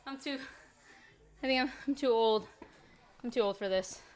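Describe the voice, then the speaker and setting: A woman's voice: fairly high pitch, normal speed. A woman streamer in casual livestream chat, chatty and self-deprecating as she answers her viewers.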